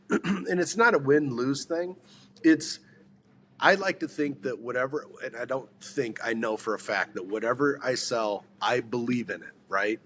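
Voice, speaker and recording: A man coaches on sales in a loose podcast conversation, his voice sitting at an ordinary middle pitch. He rambles, doubles back on his words and keeps throwing questions at whoever is listening. A faint hum of noise sits behind him. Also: fairly bright tone.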